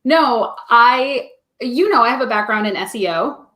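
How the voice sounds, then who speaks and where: A woman with a fairly high voice joins by webcam and explains things plainly and matter-of-factly. Her sound carries the echo of a roomy space over the call. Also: lively intonation, a little slow, bright, forceful tone. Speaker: team member, guest on the stream. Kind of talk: casual chat on a video call. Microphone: webcam on a video call. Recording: echoey room over a video call.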